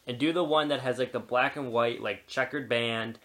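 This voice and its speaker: A young man co-hosting a podcast, telling stories in a lively, laughing way. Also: mid-range voice, moderate pace, a little hiss or hum. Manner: animated storyteller, laughs easily. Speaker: podcast co-host. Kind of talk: casual chat.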